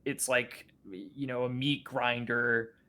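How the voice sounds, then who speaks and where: A man speaking as a podcast guest in casual discussion, halting and full of fillers and restarts. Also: mid-range voice, fairly even intonation, bright, forceful tone.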